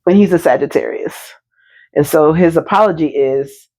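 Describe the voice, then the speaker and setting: Here the woman's voice is deep and dark-toned, moving at an ordinary speed. A married mother and housewife, she co-hosts a podcast and trades casual chat with a friend, vividly performing both halves of a talk with her husband.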